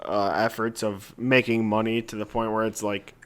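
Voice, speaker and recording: A man's voice: on the low side, level tone, normal speed. A young man co-hosting a podcast, laid-back and teasing his friends. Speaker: podcast co-host. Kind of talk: casual chat.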